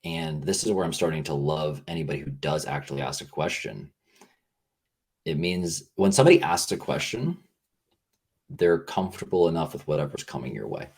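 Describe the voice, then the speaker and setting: He has a bass voice, a little mellow and slightly rough, and delivers it animatedly at a moderate pace. Appearing as a podcast guest, he offers earnest, rambling, reflective talk peppered with lots of "like" as he thinks aloud.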